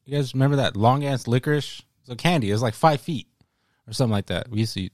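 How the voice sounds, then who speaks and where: A man's voice: mid-range voice, fast talker, a little mellow, no echo, clean studio sound. A young man co-hosting a casual live stream chat, joking, teasing and swearing freely. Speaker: stream co-host.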